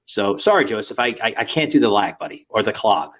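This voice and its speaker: A man's voice: on the low side, animated, fairly quick, a bit bright, lo-fi sound. Rambling, filler-heavy podcast host man. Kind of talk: casual podcast chat.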